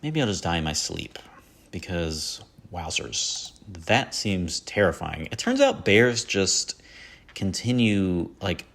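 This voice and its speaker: A man's voice: sits low, a bit bright. A man hosting a casual solo podcast, rambling and self-mocking about his favorite films and slipping into quoted lines. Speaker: podcast host. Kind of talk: casual solo movie talk.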